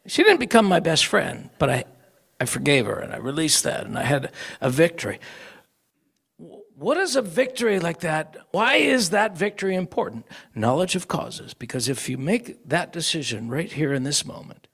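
A man's voice: high-pitched, very animated, normal speed, creaky, a bit bright, husky. A male preacher giving a sermon, telling stories and acting out the voices of people he quotes.

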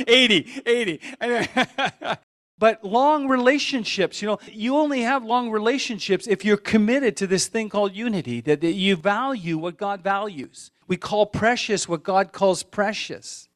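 A middle-aged man pastor preaching a sermon in a conversational, storytelling way, wandering off into side stories. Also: high-pitched.

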